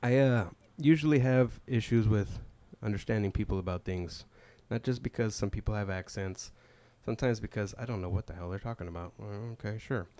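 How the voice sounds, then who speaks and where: A man's voice: lowish voice, fairly quick, hardly any pauses, mellow. A man doing an open mic stand-up set, self-deprecating and chuckling at his own jokes, on a comedy club stage mic.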